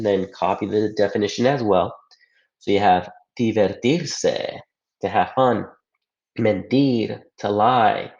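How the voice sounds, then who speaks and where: This Spanish teacher's voice is on the low side and darkish in tone as he patiently walks through a grammar lesson on slides, one step at a time. He often asks "right?" to check in with the listener. The room echoes and the recording sounds dull and lo-fi.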